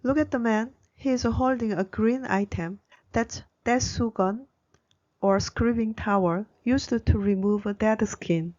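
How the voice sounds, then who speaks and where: A woman giving a scripted narration as a Korean language educator, explaining in a bright, clear way. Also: fairly high pitch, a little slow, muffled recording.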